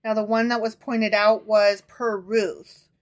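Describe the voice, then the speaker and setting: A woman's voice: medium pitch, little pitch movement, a little slow. A woman co-hosting a casual podcast from her living room, teasing her husband and swearing freely. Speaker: podcast co-host.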